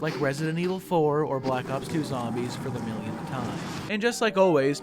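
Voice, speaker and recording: A young man doing a sarcastic commentary vlog with mocking, deadpan asides. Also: mid-range voice. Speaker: video creator.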